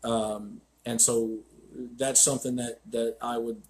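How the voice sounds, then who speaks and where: A man's voice: mid-range voice, level tone, a little slow, darkish tone. A man hosting a live stream as a dog trainer, telling stories in a blunt, profane, ranting way.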